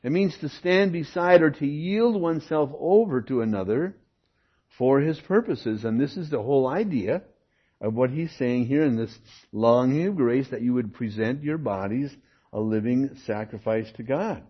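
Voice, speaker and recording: An older man preaching an expository sermon, teaching in an animated way with rhetorical questions and occasional comic asides. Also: mid-range voice, normal speed, slightly rough. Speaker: pastor. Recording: dull lo-fi sermon recording.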